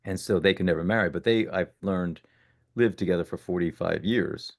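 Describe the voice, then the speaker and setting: A man in his sixties, a podcast guest telling his story casually, animated and often correcting himself mid-sentence. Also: low-pitched, normal speed, creaky. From born in Italy, raised in the United States. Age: 60s.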